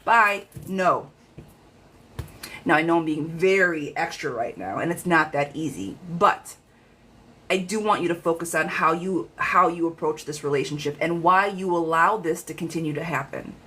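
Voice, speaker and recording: A woman giving a live-streamed tarot reading in a chatty, frank, lively way, talking straight to her viewers. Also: deep voice, moderate pace, breathy edge, rough recording. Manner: chatty, animated, frank, calls viewers girlfriend. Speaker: tarot reader.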